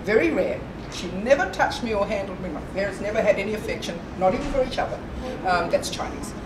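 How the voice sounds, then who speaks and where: A woman telling a personal story at a library gathering, her voice rising and falling a lot as she laughs at herself and leans on her ums. She sounds far from the mic, in an echoey room with steady background noise. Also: mid-range voice, fast. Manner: chatty and self-deprecating, laughs often, many ums. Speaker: storyteller at a library morning tea. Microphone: distant room recording.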